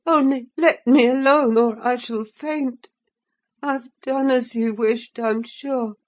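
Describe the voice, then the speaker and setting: A woman's voice: on the high side, fairly even intonation, takes it slowly, lo-fi sound, pitched above the performer's own voice. A woman voicing a panting, terrified sickly youth. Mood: frightened, pleading. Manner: panting, faltering, stammering. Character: sickly, terrified young man, feeble and pleading. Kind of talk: audiobook character reading.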